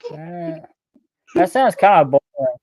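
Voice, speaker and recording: Slightly high man, halting dry teasing, dry sound. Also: expressive, darkish tone, dry recording. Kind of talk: casual chat.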